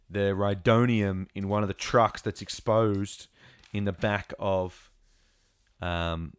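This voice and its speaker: A young man recapping a show episode in a casual, excitable and rambling way, with lots of fillers and restarts. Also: deep voice, vocal fry, no room sound, clean studio sound. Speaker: show reviewer.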